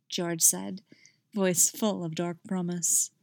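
A woman reads a story aloud and then chats about it with loose fillers. Her voice sits at a middling pitch. The recording is dry and close, with no room sound. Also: measured pace, dry recording. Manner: chatty with many fillers in her notes. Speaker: story reader. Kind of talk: reading a story aloud, then casual comments.

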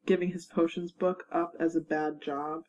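A woman with a fairly low voice narrates a fanfiction audiobook. Her telling is measured and wry, and she keeps an even storyteller's pace. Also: low-quality recording. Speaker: narrator and producer.

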